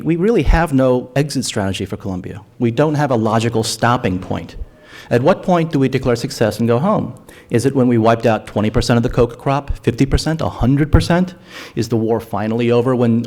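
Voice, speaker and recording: A man's voice: mid-range voice, darkish tone. A man speaking at a public forum on drug policy, earnest and argumentative, often restarting his phrases. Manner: earnest, argumentative, repeats words when restarting. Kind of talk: forum talk. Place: lecture hall.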